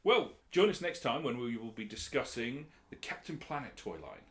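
A British man hosting a podcast, chatting in a relaxed, laughing way. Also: mid-range voice, normal speed, reverberant, a little hiss or hum. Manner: lively, laughing, wrapping up. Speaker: podcast host. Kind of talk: casual chat.

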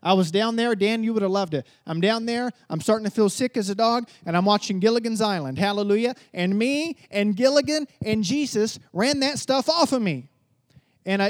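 Male pastor, high voice, dry close sound, casual storyteller with loud emphatic peaks. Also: dry recording. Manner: storytelling preacher, swings from hushed asides to loud emphatic declarations. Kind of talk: sermon.

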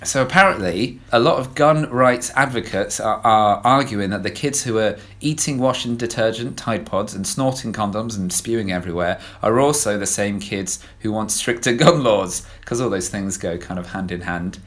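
A man's voice: on the low side, normal speed, hardly any pauses, fairly bright tone. A man, hosting a casual comedic podcast chat in a teasing, self-deprecating way. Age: 20s. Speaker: podcast host.

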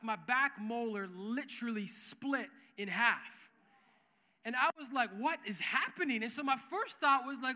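Young male pastor, animated storyteller, high bright voice, long church reverb. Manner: energetic storytelling with quoted dialogue. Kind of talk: sermon. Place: church hall with worship music.

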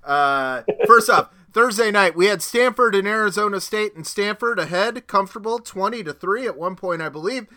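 At home in his podcast studio, a man co-hosts a casual sports podcast in an expressive, fairly high, bright and forceful voice, talking at normal speed with few pauses. He's chatty and jokes around, frequently laughing between his points.

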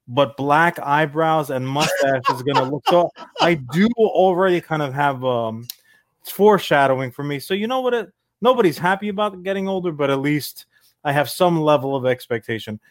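A middle-aged man with a slightly higher voice riffs through a casual podcast chat, full of jokes and goofy asides. His sound is dry and close to the mic. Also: no echo. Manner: joking, riffing with silly voices. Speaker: podcast co-host.

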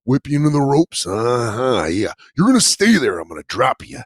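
A man's voice: medium pitch, big pitch swings, slightly rough, dry recording, studio quality. A man putting on the voice of a hyped-up pro wrestler who growls "yeah" between lines. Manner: growled hype with drawn-out "yeah". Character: gravelly pro wrestler impression, male, hyped.

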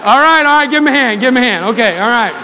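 A man with a high-pitched voice speaks quickly and with lively intonation, joking and calling out to a student crowd in a large chapel hall as he opens a sermon with an audience game. He uses a handheld mic, and the reverberant hall adds a long echo along with crowd murmur and noise.

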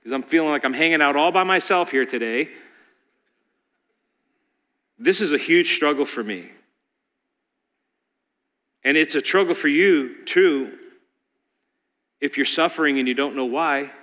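Guy preaching a sermon, sharp bright voice, gets quiet then loud and pleading, big echoey hall. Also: fairly high pitch, measured pace, pauses often. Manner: rises to loud pleading peaks, drops to quiet storytelling. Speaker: pastor.

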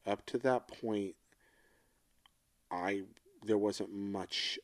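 A middle-aged man co-hosting a casual chat, talking in a reflective, emotional and halting way. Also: lowish voice. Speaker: podcast co-host.

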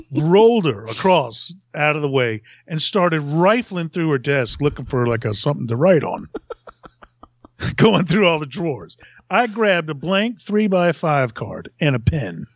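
A male podcast host telling an animated story, laughing often and swearing freely. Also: on the high side, unhurried, dry recording, highs cut off.

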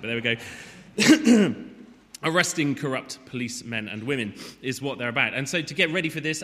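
Bright-voiced preacher in a reverberant hall. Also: male voice, mid-range voice. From Wales. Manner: chatty, joking asides before preaching. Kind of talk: sermon.

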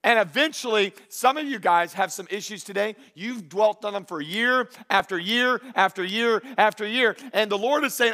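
A male pastor preaching a sermon in an animated, joking way, acting out the voices of people he quotes. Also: sits high, normal speed, hardly any pauses.

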